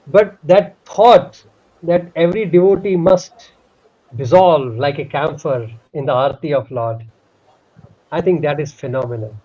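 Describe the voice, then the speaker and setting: High-voiced man telling a devotional story. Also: measured pace. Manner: heartfelt, animated retelling with many fillers. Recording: dull lo-fi recording.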